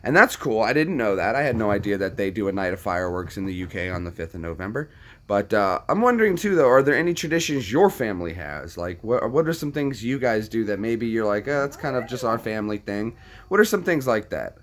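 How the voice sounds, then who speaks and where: A man's voice: fairly low pitch, big pitch swings, fairly quick, a bit bright. A man hosting a casual chat, talking to his viewers in a rambling way full of anecdotes and repetitions. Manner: rambling, anecdotal, repeats himself.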